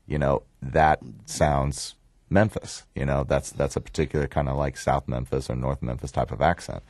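A man with a Southern US drawl and a remarkably low, deep voice tells stories in an interview. He loops back and repeats words as he goes. The sound is close and dry. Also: normal speed, dry recording. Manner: relaxed, repeats words and restarts, acts out quoted lines. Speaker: film writer-director. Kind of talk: storytelling in an interview.

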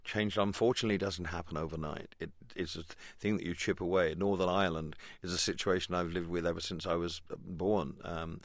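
A man's voice: low-pitched, steady tone, a little fast, few pauses, dry recording. A man speaking as a guest on a radio interview, hesitant, with many ums and restarts.

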